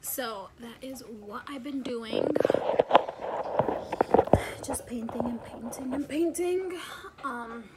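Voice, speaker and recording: A woman's voice: on the high side, takes it slowly, pauses often, heavy background noise. A woman vlogging casually at home as a mother, chatty and rambling with many fillers. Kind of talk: casual chat. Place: home, indoors.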